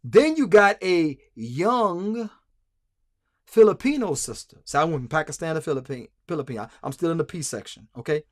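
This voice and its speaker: A male livestream host talks emphatically, repeating himself and stumbling into restarts. His voice sits a little high. The sound is dry and close to the mic. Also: expressive, normal speed, no room sound. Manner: emphatic, repetitive, stammering restarts. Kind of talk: casual livestream commentary.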